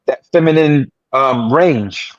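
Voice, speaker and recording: A man co-hosting a casual podcast chat who lays out his views in a thoughtful, measured way. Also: medium pitch, dry recording, highs cut off.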